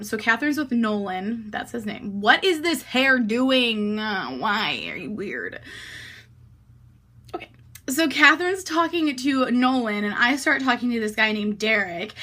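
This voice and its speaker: A young woman in her twenties rattles through a casual storytime in a bright, tense voice pitched a little high. She is chatty and piles on fillers, with frequent swearing. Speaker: vlogger.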